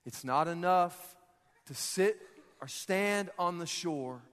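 Man preaching with a high voice in a reverberant hall. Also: slow, a bit bright, clear, resonant tone. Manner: jokey and conversational, often laughing mid-sentence. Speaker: pastor. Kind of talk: casual, humorous sermon with a personal story. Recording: long hall reverb in a large church.

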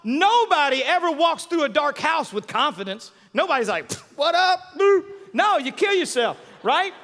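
A high-pitched male pastor in his thirties preaches with lively call-and-response. His voice rings bright and forceful, carried by the long reverb of a large church hall. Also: moderate pace. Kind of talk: sermon.

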